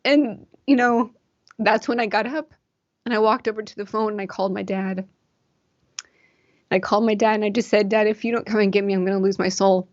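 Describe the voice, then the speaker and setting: A woman's voice: mid-range voice, dry recording, highs cut off. A woman in her forties, a podcast guest, giving an earnest and emotional personal testimony with many fillers.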